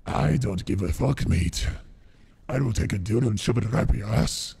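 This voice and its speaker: A man's voice: lowish voice, normal speed, vocal fry, warm tone, slightly rough, voice pushed down, heavily acted. A man putting on a mock Irish accent to voice a brash, foul-mouthed tough guy who swaggers and threatens. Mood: swaggering. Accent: put-on Irish.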